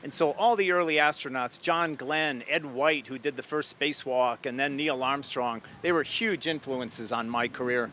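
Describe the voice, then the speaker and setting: A man's voice: mid-range voice, normal speed, hardly any pauses, sharp tone, a little hiss or hum. An older man from Ohio, a former astronaut, telling stories in an enthusiastic interview manner. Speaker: guest astronaut. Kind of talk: interview storytelling.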